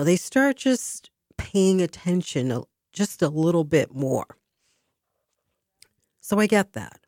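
A woman's voice: sits low, darkish tone, no room sound, clean studio sound. A woman hosting a community radio talk show, speaking casually and rambling with restarts.

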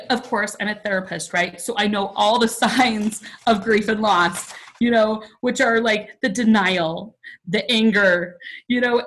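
A woman in her forties, appearing as a podcast guest, shares a personal story in a chatty, emotional manner with lots of "like" fillers. Her voice is mid-range with a fairly bright tone, and the recording is rough.

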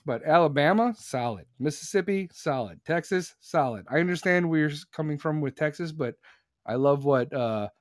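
Fired-up man, fairly high voice. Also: expressive, normal speed, dry recording, clean studio sound. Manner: fired-up rambling rant, many restarts. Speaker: podcast host. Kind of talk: casual podcast chat.

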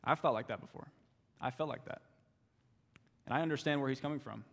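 A man's voice: mid-range voice, a little fast, vocal fry, fairly bright tone. Earnest young man preaching in a reverberant church. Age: young adult. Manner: earnest, repeats phrases for emphasis. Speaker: youth intern preacher. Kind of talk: sermon. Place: church sanctuary.

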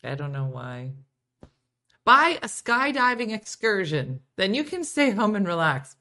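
Animated woman hosting a chatty morning stream. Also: medium pitch, unhurried. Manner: animated, swings from quiet asides to loud exclaiming. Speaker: morning show host. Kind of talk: casual live-stream chat.

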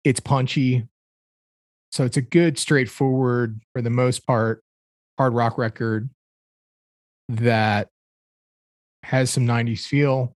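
A man's voice: mid-range voice, fairly even intonation, takes it slowly, pauses often, dry recording. Rambling man with a dry close voice. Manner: rambling, searching for words with many fillers. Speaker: podcast co-host. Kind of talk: casual chat about music.

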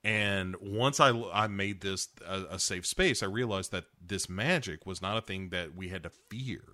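This is a man co-hosting a loose, casual recap podcast. His voice has a bright, forward ring. He acts out the characters' lines with gusto and swears freely along the way. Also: deep voice, moderate pace. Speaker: podcast co-host recapping a TV episode. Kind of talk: casual chat.

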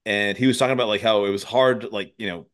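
Low-voiced, profane podcast host, a man. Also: fast, fairly bright tone. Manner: loose and profane, laughs often. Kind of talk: casual conversation.

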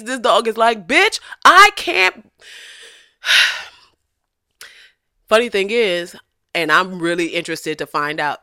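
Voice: mid-range voice, pushed and bright, smooth, no echo, studio quality. A vlogger ranting in blunt, profane commentary, speaking emphatically and swearing freely.

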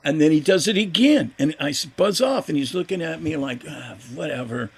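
Older man, gravelly voice, fairly high pitch, animated storyteller, interview guest. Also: brisk. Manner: animated, acts out quoted voices. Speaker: guest musician. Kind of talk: casual storytelling.

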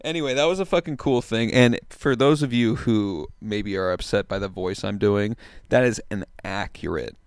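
A laid-back man in his twenties rambles through a story while stoned, swearing often and slipping into impressions of the people he met. His voice sits a little low and comes across smooth and clear in a dry, close-miked space. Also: normal speed, hardly any pauses, no echo. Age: 20s. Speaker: podcast host telling a story. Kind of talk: casual storytelling chat.

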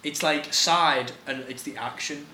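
Chatty bright-voiced man, echoey room. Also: on the high side, a little slow. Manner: rambling, lots of "like" fillers. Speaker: band member co-host. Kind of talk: casual radio banter. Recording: echoey room, faint noise.

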